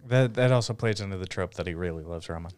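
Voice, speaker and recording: A man in casual chat, quietly explaining a detail to a friend. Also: sits low, fast talker, clear, resonant tone, dry recording, studio quality.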